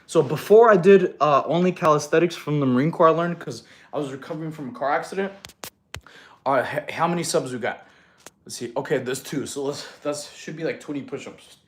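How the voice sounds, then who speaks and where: On a live stream, a male fitness coach chats casually, reading viewers' comments aloud, joking, laughing often, and calling people "bro." His voice sits on the high side and moves a little fast. Between answers he counts out push-ups.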